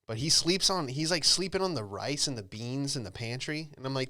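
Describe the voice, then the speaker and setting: A man's voice: mid-range voice, animated, brisk, sharp tone, no echo, clean studio sound. A young man, a comedian, riffing casually through a solo comedy monologue in a rambling, offhand way, with lots of fillers. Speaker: comedian and podcast host.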